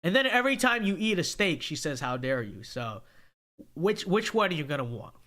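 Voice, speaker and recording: A man's voice: sits high, very animated, a little fast, sharp tone. A young man from California hosting a casual livestream, reading viewer chat and answering it in an emphatic way, often tagging "okay?" onto his points.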